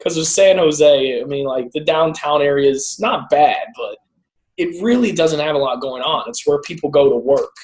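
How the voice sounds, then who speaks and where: A man's voice: on the high side, moderate pace, a little mellow. A man co-hosting a podcast in casual chat, rambling through stories and laughing often. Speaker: podcast co-host; teacher. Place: lives in San Jose.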